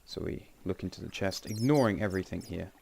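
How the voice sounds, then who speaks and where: A man's voice: low-pitched, fast talker, creaky, very noisy. A man giving casual, rambling gameplay commentary with wry asides and frequent self-corrections. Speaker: game channel host.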